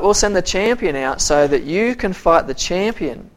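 A teacher giving an interactive Bible story lesson, acting out characters' lines in quoted voices, quizzing the listeners, and often repeating words while searching for the next phrase. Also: mid-range voice. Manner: halting, with frequent repeated words.

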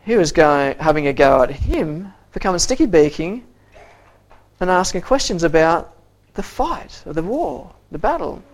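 Giving an interactive Bible story lesson, a teacher speaks at a middle pitch with big pitch swings. The delivery halts to repeat words and ask listeners questions, and drifts into quoted voices for the story's characters.

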